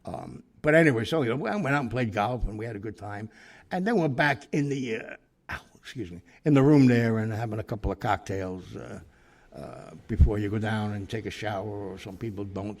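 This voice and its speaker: A man's voice: fairly low pitch, darkish tone. A man casually telling a long anecdote, rambling with asides and self-corrections. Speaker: storyteller.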